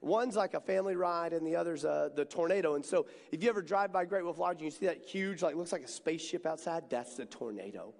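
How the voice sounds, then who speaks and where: A man in his thirties, a student ministry speaker, telling a chatty, animated story straight to the crowd. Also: a little high, fast talker, vocal fry, few pauses. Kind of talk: storytelling sermon. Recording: long hall reverb.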